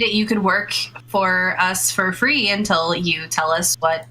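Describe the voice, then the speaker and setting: A woman's voice: fairly low pitch, slow, bright, forceful tone, slight background noise, poor audio. A woman playing a villain's side in a tabletop game, speaking in a hesitant, dry way. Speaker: player.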